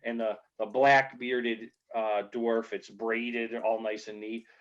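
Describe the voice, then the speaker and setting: A man narrating as game master of a tabletop game in a relaxed, halting way, full of fillers, on dull lo-fi audio. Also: fairly low pitch.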